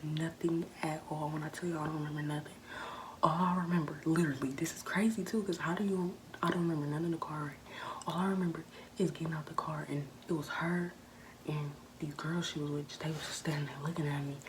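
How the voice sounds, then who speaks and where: A young woman in her late teens casually telling a story to her viewers, often in a hushed, half-whispered voice. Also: low voice, fairly even intonation, fast. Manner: casual, chatty, talks straight to viewers. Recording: noisy background ambience.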